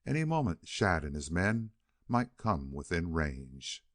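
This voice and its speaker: A man reading a western novel aloud as an audiobook narrator, in a steady storytelling read on a close mic. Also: low-pitched, measured pace, no echo. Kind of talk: scripted narration.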